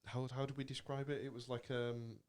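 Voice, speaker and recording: A man's voice: mid-range voice, flat delivery, fairly quick, a little mellow, clear, resonant tone. A man from Lancashire co-hosting a podcast, chatting casually with lots of banter and laughter. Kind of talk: casual chat.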